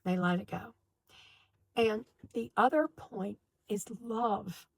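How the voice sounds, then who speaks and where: A woman telling a personal story to her viewers in an animated, emphatic way, with many restarts. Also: mid-range voice, slow, gravelly, husky, no echo. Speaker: spiritual vlogger. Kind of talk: casual storytelling to camera.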